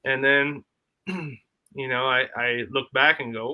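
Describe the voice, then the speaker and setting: A man's voice: mid-range voice, fairly even intonation, slow, pushed and bright. A man hosting a casual live stream from his homestead, chatting in a rambling way and answering his chat aloud. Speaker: livestream host. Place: home, homestead.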